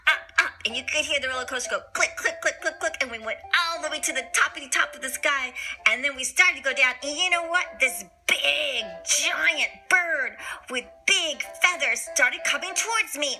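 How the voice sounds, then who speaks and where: A woman reading a children's story aloud in a playful, animated way, with sound effects. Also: high voice, low-quality recording.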